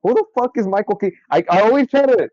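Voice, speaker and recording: Young male co-host, lively and excitable, casual and profane, dull lo-fi mic. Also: sits high, quick pace, dry recording. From California. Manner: excitable, swears a lot, laughs often. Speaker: podcast co-host. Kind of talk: casual chat. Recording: dry, dull lo-fi sound.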